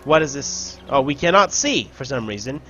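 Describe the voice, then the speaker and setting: A man giving casual let's play commentary on a strategy game, shouting orders and taunting enemies now and then. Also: medium pitch, sing-song, normal speed, lo-fi sound, soft background music. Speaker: gameplay commentator.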